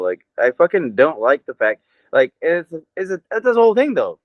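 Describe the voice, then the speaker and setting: A man's voice: fairly high pitch, wildly swooping pitch, normal speed, dry recording, lo-fi sound. A man with an American accent, co-hosting a podcast in casual, rambling, profane chat with frequent laughter. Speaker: podcast co-host.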